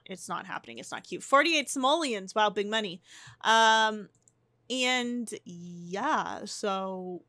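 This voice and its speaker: A woman's voice: medium pitch, a bit bright, dry recording. A young woman giving casual, chatty gameplay commentary, often restarting and gasping. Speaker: life-sim gameplay narrator. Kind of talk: casual let's-play commentary.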